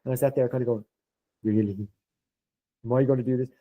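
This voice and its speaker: Here the same sort of speaker, a middle-aged Irish podcast guest, recounts a story lively enough that he voices the people in it himself. His pitch is mid-range and his pace fairly quick, though the audio sounds dull.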